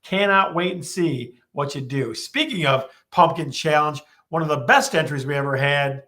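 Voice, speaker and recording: A man's voice: a little high, normal speed, few pauses, pushed and bright. A man hosting a live-streamed real estate show, talking with lots of energy and repeating his questions to the viewers.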